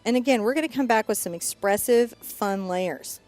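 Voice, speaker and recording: A woman's voice: fairly high pitch, normal speed, darkish tone, soft background music. A middle-aged woman teaching a live painting class, chatty and upbeat as she narrates each brushstroke. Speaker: painting instructor.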